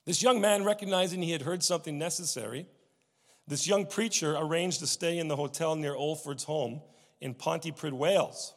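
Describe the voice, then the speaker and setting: A man preaching a sermon, telling stories with many restarts and swings from loud emphasis to hushed tones. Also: on the high side, normal speed, long reverb tail. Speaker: pastor.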